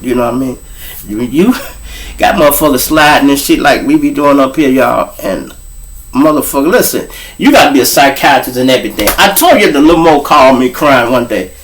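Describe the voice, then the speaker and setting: A middle-aged Chicago man spins a casual, profane story for his audience. His pitch swings up and down as he goes, and he keeps turning to talk straight at his listeners. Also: lively intonation, a little fast, a bit bright. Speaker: show host.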